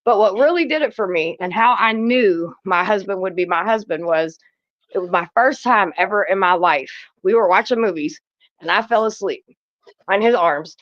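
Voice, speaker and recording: A woman's voice: medium pitch, fairly bright tone, dull audio. Blunt, profane woman on a panel. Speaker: podcast panelist. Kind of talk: casual panel chat.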